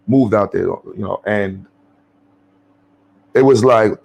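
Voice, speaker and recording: A man delivers off-the-cuff commentary in a blunt, profane, animated way. He rambles with plenty of fillers and restarts, and his voice sits at a middle pitch. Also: a little slow, creaky, pauses often, breathy edge. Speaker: commentary channel host.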